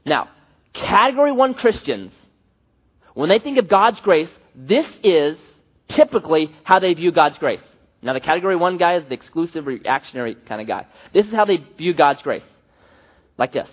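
A man preaching a sermon, animated and acting out the voices he quotes. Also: on the high side, moderate pace, slightly rough, muffled recording. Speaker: pastor.

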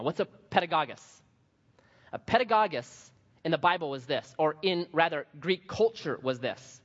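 A man preaching a sermon as pastor, telling funny stories and repeating lines for emphasis. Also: on the high side. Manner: animated, humorous storytelling with emphatic repetition. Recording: dull sound, long hall reverb.

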